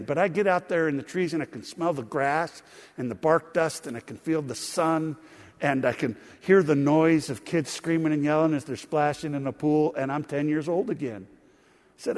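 A man's voice: on the high side, darkish tone. A middle-aged man preaching a sermon, telling family stories in a folksy way and calling his listeners friends. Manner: folksy storytelling, addresses congregation as friends. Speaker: pastor. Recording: long hall reverb.

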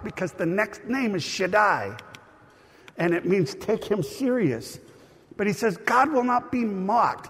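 Husky-voiced pastor in an echoing hall. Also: male voice, high voice. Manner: animated, conversational storytelling. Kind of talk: sermon. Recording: long reverb of a hall.

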